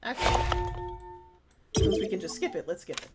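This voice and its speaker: A woman's voice: lowish voice, sing-song, normal speed, over loud music. A woman streamer casually commenting on a game she plays, joking and reading game text aloud. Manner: jokey, chatty, reads game text aloud.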